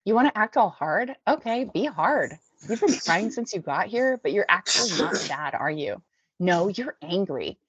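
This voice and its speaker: A woman's voice: lowish voice, lively intonation, unhurried, a bit bright, breathy edge, no room sound, heavily acted. A woman doing a harsh mocking teenage girl. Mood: confrontational. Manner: mocking, accusing. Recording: dull dry lo-fi recording.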